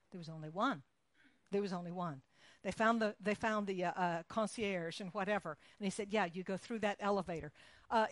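A woman's voice: medium pitch, a bit bright, no room sound. Woman preacher telling a story in a sermon, acts out the voices, dry close sound.

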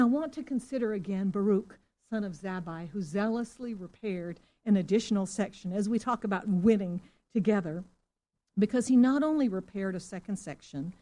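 A middle-aged woman pastor from Singapore preaches to her congregation, telling a story at a middling pitch. She keeps asking her listeners questions and now and then rises into loud exclamations. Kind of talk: sermon.

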